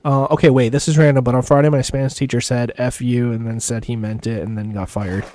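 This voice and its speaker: A man talking loosely through a live gaming stream. His pitch sits at an ordinary middle level. He rambles and piles on fillers as he chats with viewers, chuckling easily between thoughts. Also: steady tone, fairly quick, mellow. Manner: chats with viewers while playing. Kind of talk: casual gameplay commentary.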